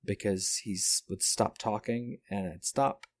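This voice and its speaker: Male host narrating plainly, a little low, dry close recording. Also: unhurried, no echo. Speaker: podcast host.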